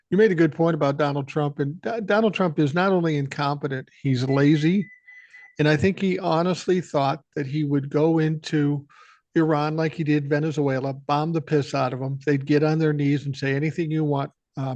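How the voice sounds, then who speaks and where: A man's voice: fairly high pitch, a little mellow, no room sound. An older man hosting a podcast, talking bluntly and profanely, pressing harder on his key points. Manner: blunt and profane, rising with emphasis. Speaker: podcast host. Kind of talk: casual political chat.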